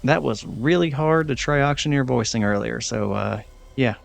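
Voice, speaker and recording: A man's voice: medium pitch, moderate pace, creaky, faint music behind. A man giving casual, chatty commentary over his gameplay, rambling and self-deprecating. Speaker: gaming channel host.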